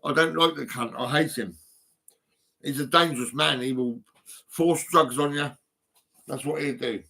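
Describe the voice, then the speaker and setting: An older man holds forth in an angry, profane rant, piling up insults and tag questions. His voice sits a little high and comes out sharp and tense. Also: normal speed, creaky. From United Kingdom. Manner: bitter, swearing, repetitive with tag questions. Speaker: vlogger.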